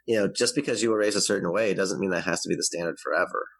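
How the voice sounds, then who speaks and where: A man's voice: deep voice, very fast, fairly bright tone, no room sound, poor audio. A man talking as a guest on a parenting podcast, explaining in a coaching tone. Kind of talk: podcast interview.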